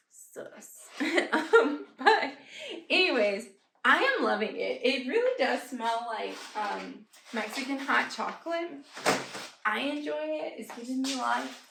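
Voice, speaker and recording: A woman, chatting casually as a vlogger, animated and laughing often. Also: fairly high pitch, normal speed, gravelly. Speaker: candle haul vlogger. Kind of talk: casual chat. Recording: echoey room with faint noise.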